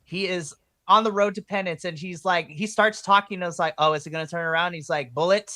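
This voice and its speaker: Excitable woman recapping with bright tone. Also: on the low side, a little fast, dry recording. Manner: excitable, swings into loud animated retellings. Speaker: podcast co-host. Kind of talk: casual wrestling recap chat.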